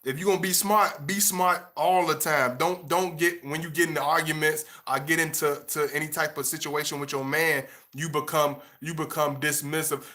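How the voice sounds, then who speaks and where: A young man talking straight at his viewers in a blunt, passionate rant. His voice sits a little high for a man and comes out bright and tense. He trips over repeated words as he hammers his point home. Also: steady tone, normal speed, few pauses. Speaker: vlogger giving relationship advice. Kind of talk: casual monologue to camera.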